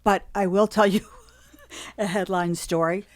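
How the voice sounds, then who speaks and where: A woman co-hosting a casual podcast chat, making quick playful remarks. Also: medium pitch, fairly even intonation. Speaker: podcast co-host.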